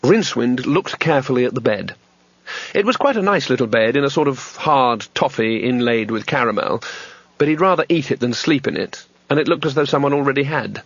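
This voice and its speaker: A man reading a comic fantasy audiobook in a measured, wry way. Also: mid-range voice, animated, a bit bright, dry recording. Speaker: audiobook narrator. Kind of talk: scripted narration. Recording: dull, dry lo-fi recording.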